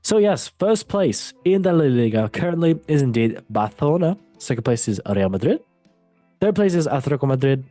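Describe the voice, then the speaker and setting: A man's voice: medium pitch, very animated, brisk, mellow, no room sound, faint music behind. A man hosting a casual football podcast, playful and goofy, joking at his own expense. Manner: goofy, playful, self-mocking. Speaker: host.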